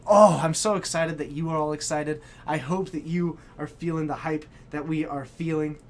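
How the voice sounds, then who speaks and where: A man hosting a live stream, chatting with viewers in a hyped, exclamatory way and breaking into shouts. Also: fairly high pitch, steady tone, moderate pace, slight background noise. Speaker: stream host. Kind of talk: excited live-stream chat.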